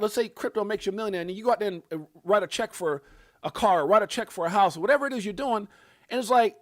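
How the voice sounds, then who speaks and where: Crypto stream host, American man, middle-aged, high-pitched, dry close mic, angry casual venting. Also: rapid-fire, no echo. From United States. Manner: heated, venting, swears often. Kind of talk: casual ranting livestream talk.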